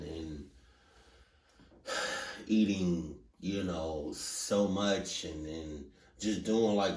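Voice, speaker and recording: Man, very low voice, slow drawl, rambling reaction chat, fillers and restarts, roomy echo. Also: a little mellow, far from the mic. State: hiccuping. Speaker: reaction streamer. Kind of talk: casual reaction commentary.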